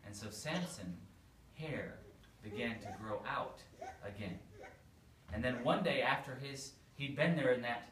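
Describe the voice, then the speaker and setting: A man, a priest, telling a story to children in a playful, animated way. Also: mid-range voice, a little slow. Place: church hall. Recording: echoey room, far from mic, faint noise.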